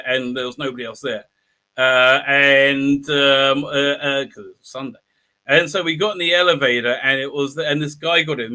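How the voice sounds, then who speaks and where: Excitable man, high and sharp. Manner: excitable and rambling, bursting into loud exclamations. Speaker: livestream host. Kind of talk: live stream chat, reading viewer comments.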